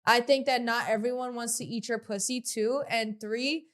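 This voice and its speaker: A woman's voice: a little high, steady tone, normal speed, fairly bright tone. A woman co-hosting a podcast, giving her opinions on reality TV drama in casual slangy talk full of "like.". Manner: chatty, slangy, opinionated, frequent "like" fillers. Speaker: podcast co-host. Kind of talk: casual reality TV recap chat.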